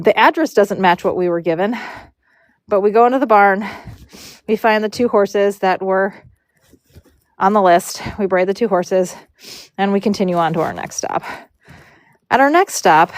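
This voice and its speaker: A woman's voice: medium pitch, no echo. A woman telling a long, rambling story on a live stream, with many fillers and restarts.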